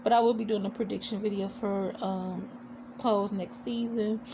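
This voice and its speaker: Woman vlogger, casual episode recap, sassy and opinionated, lots of "you know", mid pitch, faint noise behind. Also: steady tone, moderate pace. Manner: chatty, full of "you know" and fillers. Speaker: TV show reviewer.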